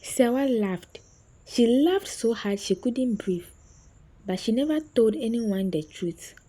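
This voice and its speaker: A woman narrating a scripted story in a slow, suspenseful way with dramatic pauses. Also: a little high, lively intonation, mellow, husky, poor audio.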